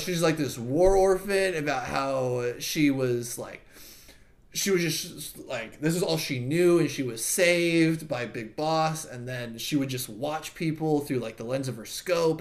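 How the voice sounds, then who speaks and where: A man in casual podcast chat, animatedly retelling a game's story and acting out characters' lines. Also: unhurried. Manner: animated, acts out characters' lines with big jumps in pitch.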